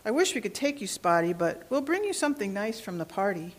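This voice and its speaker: A woman voicing a gentle, worried mother rabbit in a storybook reading, speaking softly and soothingly. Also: mid-range voice, big pitch swings, a little fast. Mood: troubled.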